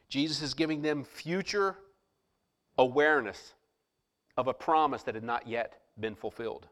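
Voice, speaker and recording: A man preaching a sermon, reading scripture slowly and emphatically and pausing dramatically around rhetorical questions. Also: mid-range voice, fairly bright tone.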